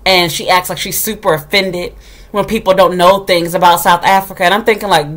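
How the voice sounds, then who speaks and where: A woman rattles off a story at high speed, blunt and sassy, with frequent swearing. She is a kindergarten teacher venting to her viewers in a casual, unscripted way. She switches into little acted-out voices whenever she quotes someone. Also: steady tone, quick pace, fairly bright tone. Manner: acts out quoted dialogue. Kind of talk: casual venting chat to camera.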